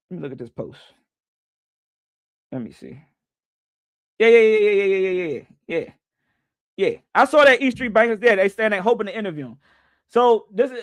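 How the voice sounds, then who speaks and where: A man's voice: high voice, no echo. A man hosting a live sports reaction stream, chatting loosely with viewers and joking as he goes. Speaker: livestream sports host.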